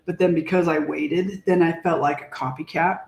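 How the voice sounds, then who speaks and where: A woman co-hosting a podcast, talking in a casual, heartfelt way, reflective and halting as she searches for words. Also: low voice, steady tone, creaky, a little mellow. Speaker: podcast co-host. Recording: echoey room.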